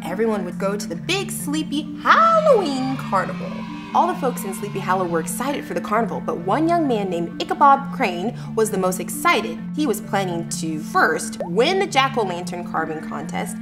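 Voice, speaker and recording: A woman reading a children's story aloud in a playful, animated way, acting out sounds. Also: mid-range voice. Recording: music under the voice.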